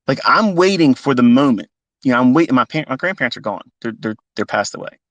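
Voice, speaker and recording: A fifty-year-old man with a gravelly voice, telling a personal story off the cuff in a blunt, emotional way with plenty of swearing. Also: mid-range voice, lively intonation, fairly quick, a bit bright, dry recording. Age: 50s. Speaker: trading educator on a live talk. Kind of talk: unscripted live talk.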